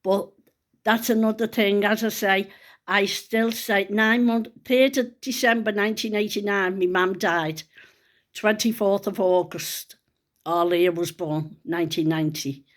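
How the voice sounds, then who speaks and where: A woman's voice: medium pitch, steady tone, a little slow. A middle-aged woman, chatting to camera and telling a personal story in a rambling, earnest way. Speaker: vlogger. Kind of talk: casual chat to camera.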